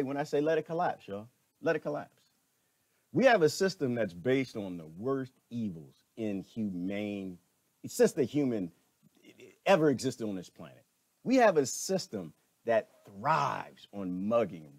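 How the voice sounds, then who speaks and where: A man giving an animated opinion monologue, preachy and wry, slipping into mocking voices now and then. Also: mid-range voice, no echo. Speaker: commentator.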